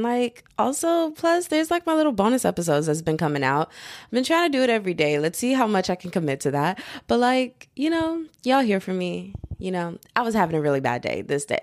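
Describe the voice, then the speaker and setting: A woman's voice: mid-range voice, darkish tone, no echo, studio quality. A young woman hosting a podcast from home, talking in a chatty, rambling way full of fillers and asides. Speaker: podcast host. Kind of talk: casual podcast monologue.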